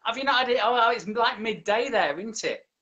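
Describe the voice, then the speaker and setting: A man's voice: extremely high pitch, expressive, normal speed, sharp tone, dull audio. Cheeky, sweary English drag queen host. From England. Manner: cheeky, sweary, laughs often. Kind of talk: casual video-call interview. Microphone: video call.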